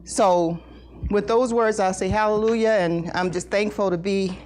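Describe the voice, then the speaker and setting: A middle-aged woman giving an emotional personal testimony at a Bible study, earnest and halting, repeating words as she talks. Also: mid-range voice, steady tone, a little mellow, a little hiss or hum. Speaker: congregation member sharing testimony.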